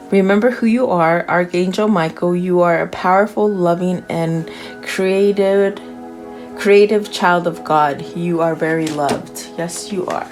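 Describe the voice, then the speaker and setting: Slow, low-voiced woman reading tarot. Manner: murmurs questions to the cards, then reads card messages aloud; unhurried and musing, with soft fillers. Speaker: tarot reader. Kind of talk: casual tarot card reading. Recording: music playing under the voice. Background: background music.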